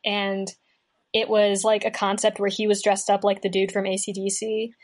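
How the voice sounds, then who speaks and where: A woman's voice: mid-range voice, monotone, normal speed. A young woman from Kentucky, a guest musician in casual chat, rambling and chatty with lots of filler words.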